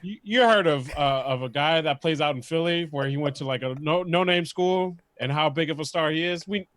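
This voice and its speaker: A man's voice: brisk, no echo. A man co-hosting a live sports talk stream, dropping teasing quips in casual chat. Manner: dry teasing quips, lively pitch. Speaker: podcast co-host.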